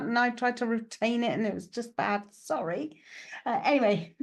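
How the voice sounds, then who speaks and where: Speaking at a moderate pace with a fairly high pitch, a woman delivers a live psychic mediumship reading in a chatty, reassuring manner. She leans on "okay" and "right" as fillers and keeps laughing at herself with self-mocking asides.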